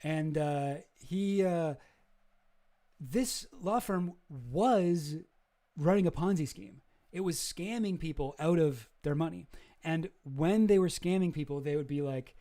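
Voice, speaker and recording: A man's voice: fairly high pitch, slow, warm tone. A man streaming casual commentary, rambling and hesitant, swearing freely.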